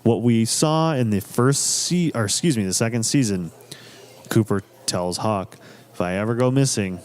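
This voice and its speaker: A man's voice: lowish voice, normal speed, darkish tone. A man co-hosting a podcast, talking casually with plenty of opinions and some hesitant restarts. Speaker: podcast co-host. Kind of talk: casual chat.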